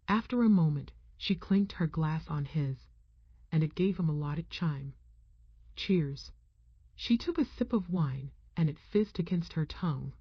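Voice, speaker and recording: A woman reading an audiobook as narrator, in a measured, even manner. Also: low voice, slightly rough, dry recording. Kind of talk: scripted narration. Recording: dull, muffled dry sound.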